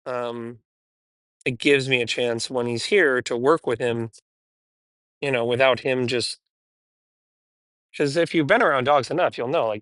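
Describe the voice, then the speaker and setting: A man's voice: fairly bright tone, dry recording. A man working as a dog trainer, talking casually to the camera while he trains a dog, candid and chatty. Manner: chatty and candid, switching to high, cheery praise for the dogs.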